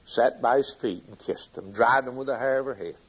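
A man preaching a sermon with fervent delivery, swinging from loud emphasis to hushed lines. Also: medium pitch, a little fast, breathy edge, low-quality recording.

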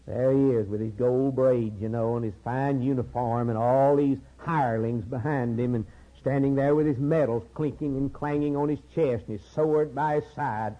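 A man preaching a sermon in a repetitive cadence, swinging between low murmurs and high, urgent cries. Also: fairly even intonation, normal speed, few pauses. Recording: dull lo-fi sermon recording.

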